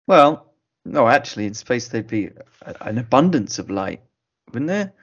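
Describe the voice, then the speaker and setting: A man with a mid-pitched voice who reasons through small details in a dry, pedantic way while chatting about films. The recording sounds dull and lo-fi. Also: very animated, moderate pace, breathy edge. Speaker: podcast co-host. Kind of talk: casual film chat.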